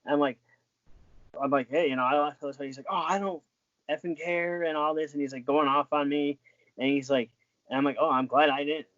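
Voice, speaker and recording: A man's voice: fairly high pitch, fairly even intonation, brisk, fairly bright tone, no echo, dull audio. A man being interviewed as a former wrestling referee, telling stories in a rambling way with lots of restarts and filler words. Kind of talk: casual storytelling.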